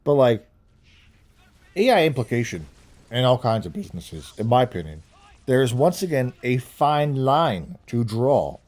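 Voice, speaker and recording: A man's voice: mid-range voice, very animated, measured pace, a little mellow. A young man vlogging his opinions in a casual, rambling monologue, laughing at his own jokes. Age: young adult.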